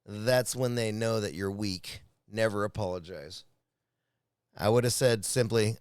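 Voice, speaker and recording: A man's voice: lowish voice, unhurried, smooth, no echo, clean studio sound. A man reacting to a clip in a casual rant, profane and agitated, often stumbling and repeating words.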